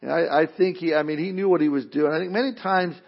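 A man with a high voice preaches a sermon in a loose, conversational way, breaking into asides and playful mock voices. The recording sounds dull and lo-fi. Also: quick pace, creaky. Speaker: pastor.

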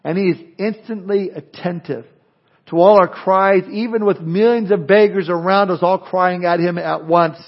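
A man's voice: high-pitched, steady tone, normal speed. A male pastor preaching a sermon in an earnest way, full of rhetorical questions and folksy humor, on a dull lo-fi recording.

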